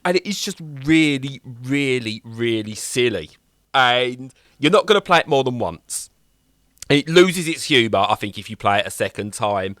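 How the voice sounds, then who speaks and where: A man's voice: mid-range voice, expressive, normal speed, fairly bright tone, no echo, studio quality. A man co-hosting a podcast, talking casually and enthusiastically with many fillers and restarts. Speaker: podcast co-host. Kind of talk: casual chat.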